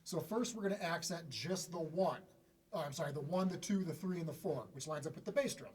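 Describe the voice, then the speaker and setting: A man giving a casual drum lesson in a relaxed, conversational way, often pausing to clear his throat. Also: heavy background noise. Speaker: drum teacher. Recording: drum kit playing loudly around the talk. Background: snare, bass drum and hi-hat played by the speaker.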